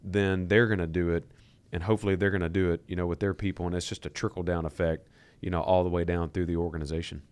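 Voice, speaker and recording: A man co-hosting a podcast, talking in a relaxed storytelling way, with fillers and repeated words. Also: deep voice, fast, smooth. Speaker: podcast co-host, company leader. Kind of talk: casual podcast conversation.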